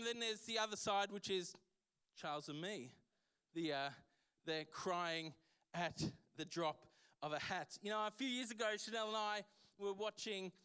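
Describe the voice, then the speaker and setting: A man's voice: high voice, normal speed, sharp tone, clear, resonant tone. A man preaching a sermon as pastor, emphatic and full of restarts and repeated words.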